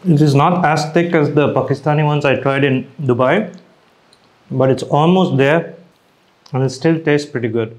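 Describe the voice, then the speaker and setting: A man's voice: fairly high pitch, moderate pace. A young man casually reviewing dishes as he eats, chatty and hesitant, restarting his sentences and talking with his mouth full. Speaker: food vlogger.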